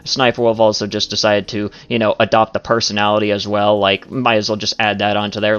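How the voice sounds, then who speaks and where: A man's voice: fairly low pitch, completely flat delivery, a little fast, few pauses, fairly bright tone, smooth. Profane rambling male commentator, lo-fi. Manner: profane, filler-heavy with many "like"s. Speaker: commentary YouTuber. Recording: dull lo-fi audio.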